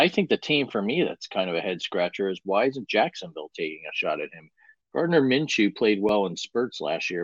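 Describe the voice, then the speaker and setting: A very low-voiced man co-hosts a football talk show with brisk analysis and rhetorical questions. His audio is dry and dull, without room echo. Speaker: co-host. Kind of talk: casual sports talk.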